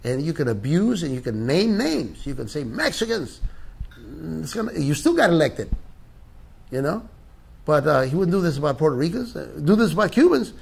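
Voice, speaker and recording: Older guy in an interview, gravelly husky voice, gets fired up and emphatic. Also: big pitch swings, normal speed, darkish tone. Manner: impassioned, emphatic, rising pitch on key points. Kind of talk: interview answers.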